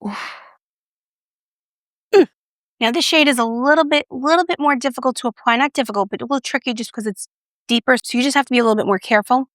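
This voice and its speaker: A woman doing a casual makeup review vlog, chatty and playful, with self-mocking asides and soft whispered moments. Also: high voice, fast talker, long pauses, no echo, studio quality. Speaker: beauty reviewer.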